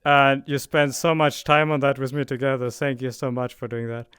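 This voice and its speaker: A man speaks in a clear, resonant voice, close and dry with no room around it. He talks casually and excitedly, stumbling over fillers as he explains things to his audience. He sounds like the person running a live online event. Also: mid-range voice, moderate pace, dry recording. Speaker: event producer. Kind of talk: casual live-stream talk. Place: virtual reality event, voice chat.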